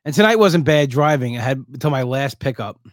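A man's voice: medium pitch, fairly quick, dry recording, clean studio sound. Tired man rambling through a story. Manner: rambling storyteller with restarts, animated when quoting people. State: exhausted, low on energy. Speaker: podcast host. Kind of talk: casual solo podcast monologue.

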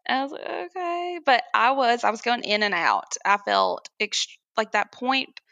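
A young woman tells a personal story as an interview guest, animated and quick to laugh. Her voice is strongly gravelly, with a bright, forceful edge. The recording is close and dry. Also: on the high side, no room sound. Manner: animated, laughs often while telling, acts out quoted voices.

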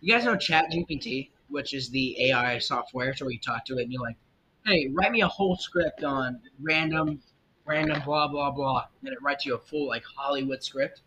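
The young host of this casual solo podcast speaks at a normal speed with a bright, forceful tone, rambling and opinionated, heavy on fillers and restarts. Faint jazz plays under a muffled lo-fi mic that carries a faint rumble.

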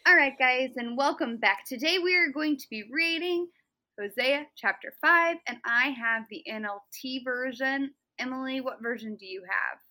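Bright bubbly young woman co-host. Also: sits high, normal speed, faint music behind, rough recording. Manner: bubbly, giggly, teaching tone. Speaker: podcast co-host. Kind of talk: casual Bible study chat.

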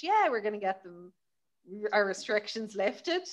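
A woman's voice: medium pitch, big pitch swings, normal speed, dull audio. Wry, teasing Irish woman. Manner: wry teasing banter with swearing and laughs. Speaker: podcast co-host. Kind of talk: casual chat.

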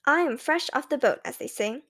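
A woman with a high, light voice narrates a children's audiobook. She reads in first person as a young boy, clear and measured, in a steady storytelling manner.

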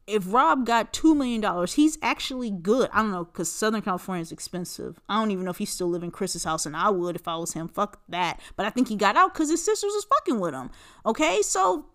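A woman in her forties chats alone on her podcast with a smooth, clean voice. She is blunt and swears freely, rambling through her thoughts with plenty of "like" and "you know". Her voice sits at an everyday middle pitch. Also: lively intonation, fairly quick, fairly bright tone. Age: 40s. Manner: blunt, profane, rambling gossip with many fillers. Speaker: podcast host. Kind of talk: casual solo podcast chat.

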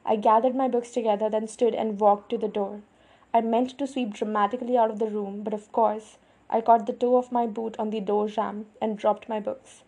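Woman narrator, first-person novel reading, mellow, husky, flat delivery. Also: a little high, normal speed. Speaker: audiobook narrator.

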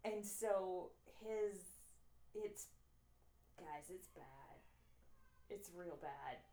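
A woman's voice: lowish voice, drawn-out words, mellow, roomy sound. A woman co-hosting a podcast, recapping a movie in a wry, casual way. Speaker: podcast co-host.

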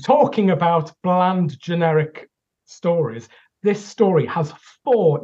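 A man's voice: high voice, lively intonation, a little slow, a little mellow, husky. A man co-hosting a podcast, ranting and swearing in an exasperated critique. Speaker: podcast co-host. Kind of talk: casual critical discussion. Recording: dull lo-fi recording.

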